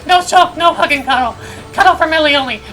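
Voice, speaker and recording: A woman's voice: high-pitched, fast, fairly bright tone, pitched above the performer's own voice, low-quality recording. A woman voicing a small boastful male creature who talks in broken, childlike grammar, with game music behind. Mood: excitable.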